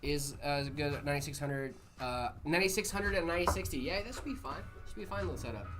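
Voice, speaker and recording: A man's voice: fairly high pitch, fast, music in the background. A man hosting a PC-building livestream, chatting playfully with viewers and using many fillers. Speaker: streamer hosting a PC-building stream. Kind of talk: casual livestream chat reading viewer messages. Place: indoor studio room.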